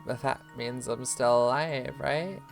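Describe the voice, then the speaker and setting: A dazed young rock singer drawls every word slowly and weakly, slurring through her sentences, as a man reads her lines aloud over a game. Soft game music plays faintly underneath. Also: mid-range voice, lively intonation. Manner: slow, weak, slurred speech.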